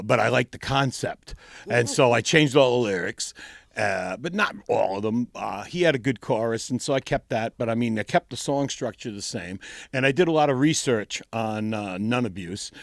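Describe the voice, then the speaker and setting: A middle-aged man with a New England accent, a band leader guest telling lively stories full of restarts. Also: mid-range voice, creaky, dry recording, clean studio sound. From Texas. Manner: lively anecdotes with lots of restarts. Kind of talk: casual storytelling.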